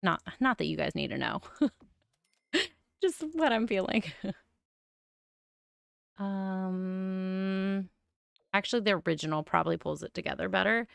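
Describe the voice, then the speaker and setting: A woman's voice: mid-range voice, lively intonation, unhurried, vocal fry, pauses often, smooth, no echo. A young adult woman with a mild lisp, streaming and musing aloud as she builds in a game, with frequent oohs. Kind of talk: casual game-building commentary.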